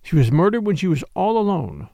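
Quiet earnest little priest, as a reader puts him on, lively pitch, dry. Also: male voice, fairly quick, creaky, no echo, heavily acted. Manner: earnest, pleading. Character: small earnest elderly priest, gentle, intense.

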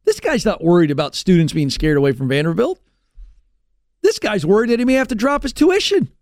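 Male talk-show host, high animated voice, sarcastic rant, dry studio mic. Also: a little fast, no room sound. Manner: sarcastic and ranting, big swings in pitch. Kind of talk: sarcastic opinion monologue. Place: radio studio.

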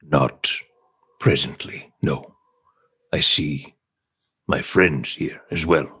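A deep, husky turtle-folk adventurer, as a man plays him, speaking very low and very slowly. He ponders each reply with a measured "hmm" and never hurries. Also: bright, forceful tone, heavily acted.

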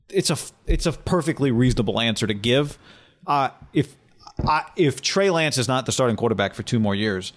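Rapid-talking man on a sports talk show. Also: mid-range voice. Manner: rapid, animated, jokey, breaks into playful impressions.

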